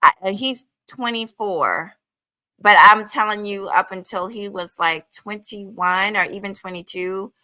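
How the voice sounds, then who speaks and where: A woman's voice: medium pitch, a little slow, bright, forceful tone, no echo, rough recording. A woman in her forties hosting a casual livestream commentary, chatty and calling her viewers honey. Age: 40s.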